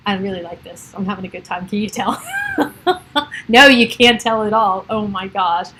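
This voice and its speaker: A woman's voice: medium pitch, normal speed, fairly bright tone, a little hiss or hum, low-quality recording. A middle-aged woman, a realtor hosting a casual livestream from home, chatting in a rambling way and laughing often. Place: at home by a computer.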